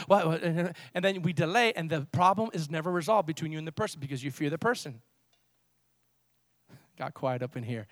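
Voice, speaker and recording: A man preaching a sermon in a church, swinging between loud emphatic reading and low, quiet asides. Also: lively intonation, a little fast, no echo, clean studio sound. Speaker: pastor.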